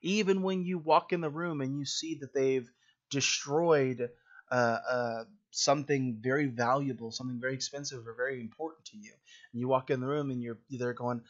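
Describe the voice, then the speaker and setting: A man's voice: mid-range voice, fairly quick, lo-fi sound. A man preaching a sermon in a plain conversational way, with frequent fillers and restarts.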